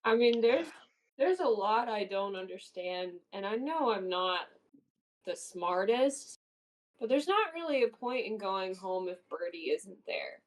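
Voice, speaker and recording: A woman speaking in character at a tabletop game, earnest and deliberate. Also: medium pitch, animated, low-quality recording. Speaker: player. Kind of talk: in-character tabletop role-play.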